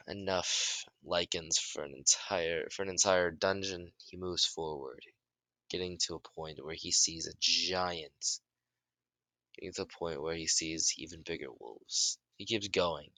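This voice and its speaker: A man improvising a fan story in halting narration, often restarting his sentences and shouting out the characters' lines. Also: low-pitched, no room sound. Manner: halting, many restarts and self-corrections; bursts into loud shouts for dialogue.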